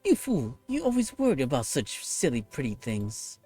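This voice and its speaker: A man's voice: medium pitch, wildly swooping pitch, normal speed, faint music behind. A man voicing a scornful, vengeful young female warrior, reading game dialogue aloud with raging threats. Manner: raging, contemptuous, shouting threats.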